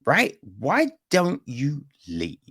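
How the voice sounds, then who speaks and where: A man's voice: fairly high pitch, extremely slow, slightly rough. A man reviewing a film on a podcast in casual, profane chat, often asking his listener if they follow. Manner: animated, profane, keeps asking "you know what I mean?".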